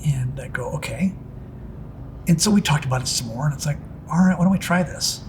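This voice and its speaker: A man's voice: a little high, brisk, a little mellow, slight background noise. A middle-aged man who works as a pinstriping artist tells stories about his work in a casual interview, rambling and restarting with plenty of "it's like" asides.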